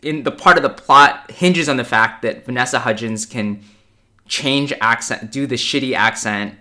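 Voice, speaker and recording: A man co-hosting a podcast in casual chat, measured and analytical. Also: mid-range voice, bright, forceful tone. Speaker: podcast co-host.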